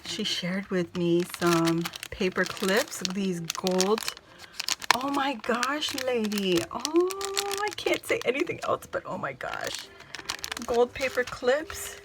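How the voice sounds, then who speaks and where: A woman's voice: mid-range voice, big pitch swings, slow pace, noisy background. A woman gushing as she opens a crafty gift package, exclaiming and laughing breathlessly to her viewers. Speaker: craft vlogger opening happy mail. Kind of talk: excited unboxing chat to camera.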